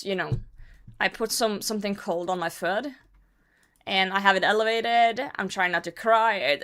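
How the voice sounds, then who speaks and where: A woman streamer telling a story in a casual, animated way, swearing often and laughing as she goes. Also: mid-range voice.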